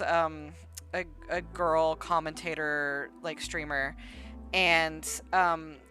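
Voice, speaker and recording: A woman's voice: on the low side, sharp tone. A woman hosting an art livestream, casually retelling online drama in a rambling way full of "like" and "um". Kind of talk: casual gossip storytelling.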